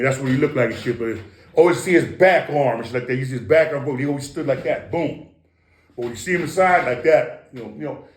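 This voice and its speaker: Boastful, profane man in an echoey room. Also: medium pitch. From East Los Angeles, USA. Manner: profane, boastful, animated with sound effects. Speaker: interview guest. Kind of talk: casual storytelling. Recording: roomy echo.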